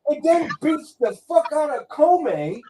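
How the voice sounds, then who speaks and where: Animated high-voiced man talking boxing. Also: slow pace, crowd noise. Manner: animated, profane, storytelling with acted quotes. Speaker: host. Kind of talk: casual boxing talk.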